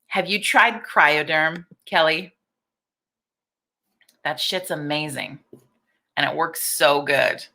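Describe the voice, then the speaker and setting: A middle-aged woman hosts a casual live stream in a bright, forceful voice that sits a little low. She talks candidly, swears without holding back and greets viewers one by one. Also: takes it slowly, long pauses. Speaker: livestream host.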